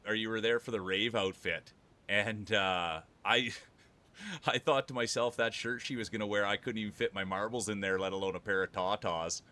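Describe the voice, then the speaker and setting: A man's voice: on the low side, sharp tone. A man streaming live, commentating marble races and bantering with chat, rambling and laughing often as he jokes.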